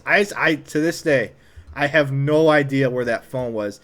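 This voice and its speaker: Man, comedic storyteller, higher-pitched voice, animated delivery. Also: measured pace. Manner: animated, acts out quotes in a raised voice.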